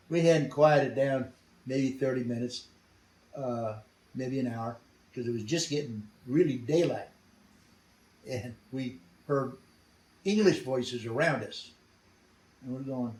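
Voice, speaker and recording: A man's voice: mid-range voice, darkish tone, distant mic. An older man telling his war experience in an interview, blunt and salty, chuckling as he goes. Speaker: veteran interviewee. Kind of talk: storytelling interview. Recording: roomy sound from off mic.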